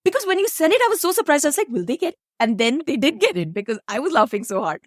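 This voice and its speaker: A woman host from India with an Indian English accent, an economics professor who asks thoughtful, measured questions. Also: sits high, sing-song, no echo, clean studio sound. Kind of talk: interview conversation.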